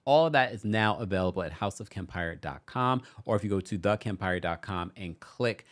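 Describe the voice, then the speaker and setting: A man's voice: on the low side, a little fast. A man hosting a live recap show, chatting casually and playfully while reading out viewer comments. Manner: animated, playful, reads viewer comments aloud. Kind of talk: casual livestream chat.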